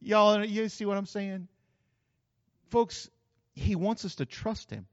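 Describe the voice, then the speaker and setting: A man's voice: sits high, slow, dry recording, lo-fi sound. A man preaching a sermon in a folksy, joking way. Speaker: pastor.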